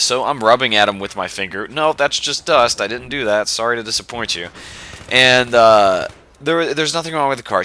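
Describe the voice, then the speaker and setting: A man's voice: lowish voice, a little hiss or hum. A young man hosting a podcast, telling a rambling, exasperated story in a casual way. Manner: rambling, exasperated, animated retelling. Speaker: podcast host.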